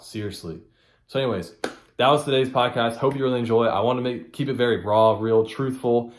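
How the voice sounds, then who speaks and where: Speaking in a mid-range voice with noticeable reverb, a man runs his solo motivational podcast. He hammers his message home bluntly and profanely, repeating it for emphasis.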